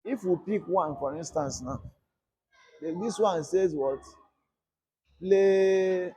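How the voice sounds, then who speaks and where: A man's voice: high voice, takes it slowly, warm tone, slight background noise. A man teaching a screen-recorded coding lesson, often asking a question and answering it himself. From Nigeria. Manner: repetitive call-and-response teaching, asks "what?" and answers himself. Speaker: coding instructor.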